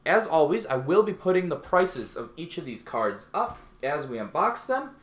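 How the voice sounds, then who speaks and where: A man giving casual, playful commentary while opening card packs, his voice jumping high when excited. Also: normal speed. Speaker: YouTube unboxing host. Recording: echoey room.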